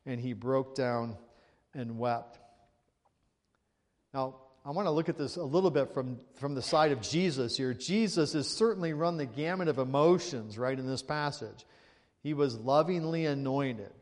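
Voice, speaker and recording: A man's voice: medium pitch, normal speed, in a large hall. A male pastor preaching a sermon in a conversational way, reading scripture aloud and asking the congregation rhetorical questions.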